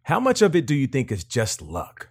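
A man's voice: mid-range voice, huge pitch swings, moderate pace, breathy edge. A man interviewing football players, reading prepared questions.

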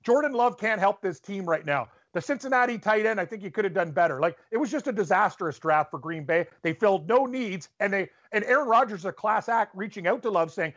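A man from Canada holds forth on a sports podcast with a high, lively voice. He rants with strong opinions. The audio is dull and lo-fi. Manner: animated, opinionated, quick to rant. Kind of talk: casual sports debate.

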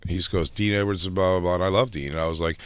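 A man's voice: deep voice, fairly even intonation, quick pace, clean tone, no echo. A man co-hosting a casual comedic chat, telling stories in a rambling way and swearing freely. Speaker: co-host.

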